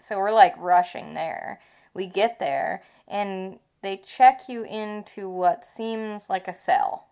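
A woman vlogging about travel in casual chat, retelling events with animated swearing. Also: mid-range voice, slow.

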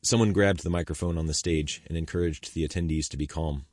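A man reading an audiobook chapter in steady, measured scripted narration, close to the mic. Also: rumbling low, no echo.

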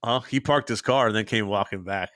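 A man's voice: on the low side, brisk, no echo, clean studio sound. A man hosting a podcast in casual chat, telling stories with lots of laughter. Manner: animated storyteller, laughing often. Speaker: podcast host.

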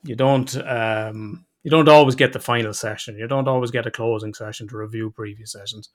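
An Irish podcast host in his thirties chats casually, rambling through stories with restarts and acting out quotes. His mid-range voice stays fairly even in intonation, and he talks a little fast.

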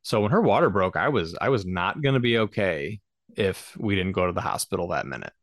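A man's voice: deep voice, lively intonation, fairly quick, no room sound, studio quality. A man co-hosting a casual podcast, telling a personal story in an earnest, reflective way with some jokes. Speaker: podcast co-host, husband.

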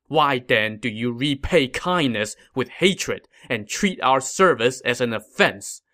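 A domineering regent who speaks with cold scorn and sharp accusation, as a male storyteller puts him on. The voice is bright and forceful, and his pitch sits in the middle. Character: domineering ruthless male regent, easily enraged.

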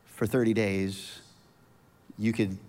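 A middle-aged male pastor preaching a sermon, telling a family story with animated swings and soft, quiet asides. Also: on the low side, slow. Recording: long reverb of a large hall.

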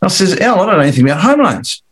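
A man's voice: high-pitched, very animated, rapid-fire, fairly bright tone. A middle-aged Australian man telling his career story as a guest, rambling and repeating words as he acts out conversations. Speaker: commercial finance broker guest. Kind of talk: casual storytelling interview.

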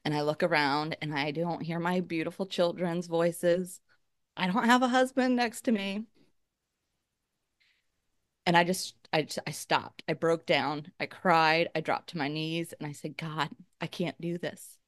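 A woman's voice: lowish voice, fairly even intonation, unhurried, no room sound, clean studio sound. A middle-aged woman, a podcast guest, earnestly telling her personal faith testimony in conversation. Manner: emotional, earnest storytelling.

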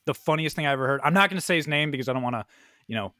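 Young man, casual chat, animated profane storytelling, brisk bright tone, slightly high voice. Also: no room sound.

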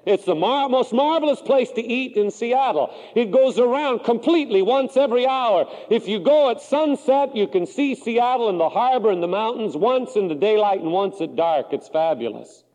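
Preacher, male, Pacific Northwest, high animated delivery, churchy hall echo. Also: moderate pace, hardly any pauses. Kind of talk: sermon.

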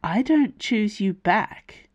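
A woman reading aloud, voicing a stubborn young man who answers a god with defiance, pitched a little higher and pressing. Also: animated, slow pace, a little mellow, highs cut off. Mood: defiant.

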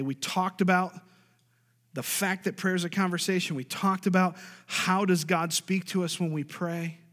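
Pastor, male, high voice, emphatic call-and-response preaching, hall reverb. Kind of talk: sermon.

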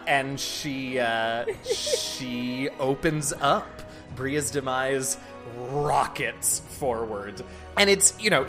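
A man running a tabletop game as game master, narrating with playful asides and frequent laughter. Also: mid-range voice. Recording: podcast with music underneath.

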